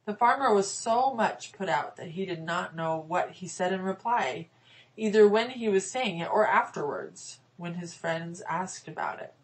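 Low-voiced woman narrating a fairy tale. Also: expressive, poor audio. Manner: measured, storytelling. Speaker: audiobook narrator. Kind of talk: scripted narration.

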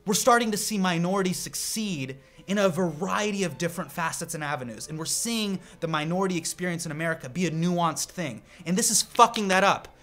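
A man hosting a comedy segment, ranting to camera in an animated, profane, indignant way. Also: high-pitched, brisk, few pauses. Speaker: comedy show host.

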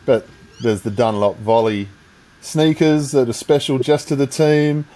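A man's voice: mid-range voice, unhurried, mellow, rough recording. An Australian man hosting a casual interview, joking around and encouraging his guests. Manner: jokey and encouraging. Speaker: interview host.

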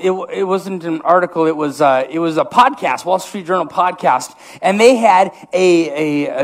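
Upper Midwest pastor, tenor-ish voice, jokey rambling sermon full of restarts. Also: male voice, high voice. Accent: Upper Midwest American. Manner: self-mocking, rambling with many restarts. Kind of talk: comedic sermon. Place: church sanctuary.

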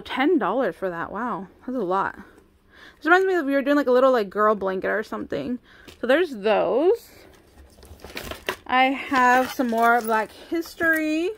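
A woman's voice: fairly high pitch, slight background noise. A young woman chatting casually as she unboxes craft supplies, cooing over each item. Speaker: craft vlogger.

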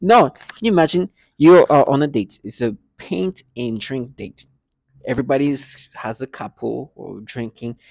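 A man's voice: mid-range voice, animated, moderate pace, vocal fry, darkish tone, no room sound, studio quality. A man ranting in a vlog monologue, agitated and scornful, repeating himself often. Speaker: vlogger.

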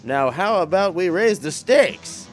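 A man's voice: high voice, animated, faint music behind, voice pushed up. A man reading a storybook intro aloud, voicing a sleazy devil casino boss in a hammy 1930s gangster style. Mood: scheming. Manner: loud, hammy, drawn-out threats.

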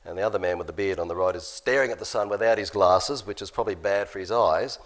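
A man's voice: deep voice, fast talker. A middle-aged man giving an informal, chatty sermon talk over slides, often restarting phrases and chuckling at his own jokes.

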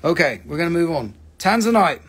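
A man's voice: a little high, sing-song, a little fast, fairly bright tone, slightly rough. A man hosting a live mineral sale, chatting casually with lots of swearing and rambling jokes. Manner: profane, rambling, joking. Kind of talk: casual live-stream selling chat.

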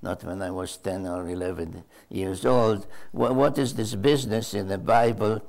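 A man's voice: lowish voice, normal speed, gravelly, darkish tone. An older male author giving an unscripted storytelling answer to a question, hesitant and full of uh fillers and repeated words.

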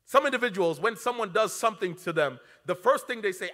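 A man preaching a sermon as pastor, his voice swinging between loud, pointed lines and hushed, intimate ones. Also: animated, quick pace, hardly any pauses. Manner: preaching with dramatic swings in pitch and loudness. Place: church sanctuary. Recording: long church reverb.

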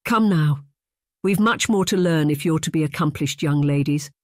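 A gentle young governess in an audiobook, as the narrator puts her on, measured and soft-spoken. She picks every word carefully, and the recording is close and dry. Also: deep voice, no echo, lightly acted. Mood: instructive. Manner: measured, soft-spoken, choosing words with care. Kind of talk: audiobook reading.

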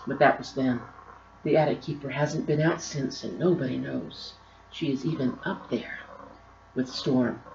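A woman, the author, reading her own storybook aloud with expressive, drawn-out emphasis. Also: rumbling low, creaky, slight background noise. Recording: roomy, slightly dull recording.

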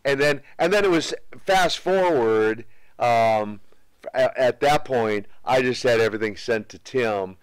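Even-voiced man telling stories in a dry studio. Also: medium pitch, smooth, dry recording. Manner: measured, anecdotal. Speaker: guest. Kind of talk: interview storytelling.

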